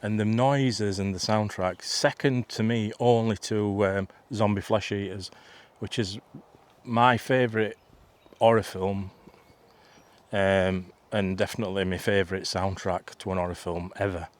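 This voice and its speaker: Bloke in his 50s rambling thru a story for his vlog, lowish voice, lots of restarts. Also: fairly even intonation, a little slow. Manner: rambling, chatty, full of restarts and asides. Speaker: vlogger. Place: outdoors in a field.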